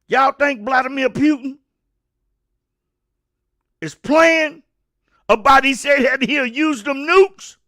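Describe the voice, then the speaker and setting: Guy ranting on his show, real high voice, sharp and bright, stammers a lot. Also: slow, pauses often. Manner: fiery, preachy, repeats and stammers, Southern US slang. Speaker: host of a commentary show. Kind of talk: opinion rant to camera.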